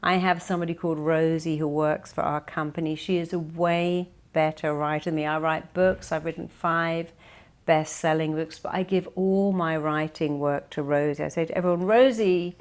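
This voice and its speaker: A woman's voice: deep voice, normal speed. A woman from the UK giving a motivational keynote speech, speaking emphatically and acting out the people she quotes. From United Kingdom. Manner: emphatic, acts out quoted people with lively stresses. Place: conference stage.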